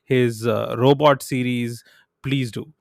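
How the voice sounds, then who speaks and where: A man's voice: mid-range voice, steady tone, takes it slowly, vocal fry, darkish tone, no echo, studio quality. A man co-hosting a quiz podcast, playfully thinking aloud through his answers. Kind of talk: casual quiz chat.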